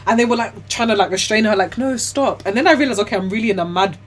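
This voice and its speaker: A young woman, telling her own story as an interview guest in a chatty, animated way, full of "like" and "you know". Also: mid-range voice, rapid-fire. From Ghana and the UK. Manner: laughs often while telling hard stories.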